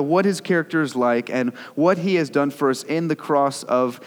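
A man's voice: a little high, normal speed, few pauses. A young man preaching a sermon as pastor, in a conversational way with repeated words, building to earnest intensity. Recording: long hall reverb.

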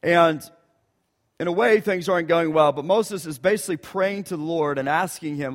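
A man's voice: on the high side, moderate pace. A man preaching a sermon with impassioned, pleading emphasis as he voices prayers. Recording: long reverb of a hall.

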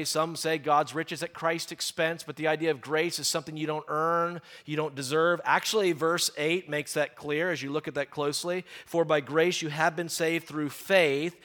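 A middle-aged man preaching a sermon, stressing key phrases slowly and often repeating words as he talks. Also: a little high, sharp tone.

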